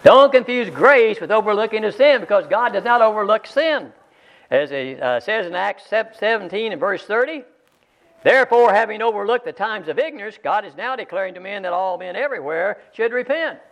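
A high-pitched man delivers a sermon with emphatic insistence, repeating his key phrases for weight. The recording is dull and lo-fi. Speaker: preacher.

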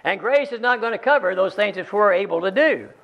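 A high-pitched man delivers a sermon with emphatic insistence, repeating his key phrases for weight. The recording is dull and lo-fi. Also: expressive, brisk. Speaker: preacher.

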